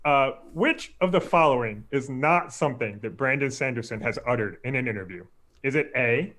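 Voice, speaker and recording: A man's voice: medium pitch, lively intonation, normal speed, fairly bright tone. A man hosting a trivia game on a live show, playful and teasing as he reads out questions. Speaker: quiz host.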